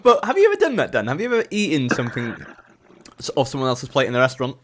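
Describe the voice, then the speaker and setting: A young man co-hosting a podcast, teasing and excitable, laughing often. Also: medium pitch, rapid-fire, noisy background. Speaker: podcast co-host. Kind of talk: casual comedic chat.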